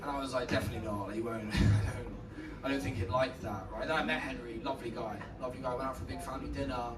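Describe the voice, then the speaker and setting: A man's voice: medium pitch, fairly even intonation, quick pace, far from the mic, a loud crowd. A British man doing a live stand-up set, teasing and flirting with the audience and laughing at his own jokes. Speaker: stand-up comedian. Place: comedy club stage. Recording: echoey club heard from afar. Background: loud audience laughter.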